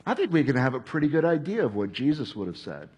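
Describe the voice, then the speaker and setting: Guy preaching a sermon, husky voice, chatty, acts out little quotes. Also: medium pitch, very animated, fast, lo-fi sound. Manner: conversational preaching, acts out quoted voices, drops to a whisper at times. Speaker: pastor.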